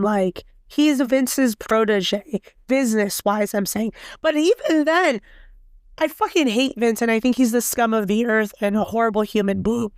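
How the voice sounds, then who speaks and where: Raspy, profane woman ranting on a podcast. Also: on the high side, no echo, clean studio sound. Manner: blunt, profane, heated. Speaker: podcast host. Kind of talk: casual solo wrestling podcast rant.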